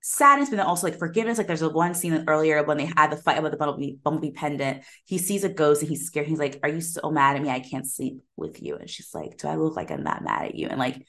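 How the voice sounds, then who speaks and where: Low-voiced woman retelling a film. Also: fast talker, few pauses. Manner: animated retelling, slips into quoted voices, laughs often. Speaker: podcast co-host. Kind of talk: casual chat.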